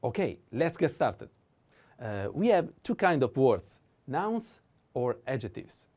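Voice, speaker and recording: A man's voice: medium pitch, sing-song, slow pace, darkish tone. A man with an Italian accent teaching a whiteboard lesson, pronouncing each word several times and explaining in non-native English.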